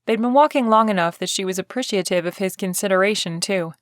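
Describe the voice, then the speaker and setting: A woman reading a romance novel aloud, steady and even, pitched in the middle of the range. The studio sound is dead dry with the mic close. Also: fast talker, no echo. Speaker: audiobook narrator. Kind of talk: scripted audiobook narration.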